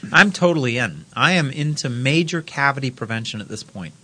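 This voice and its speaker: A man's voice: medium pitch, lively intonation, fairly quick, pushed and bright, slightly rough. A man co-hosting a casual chat show, tossing in playful quips. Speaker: co-host.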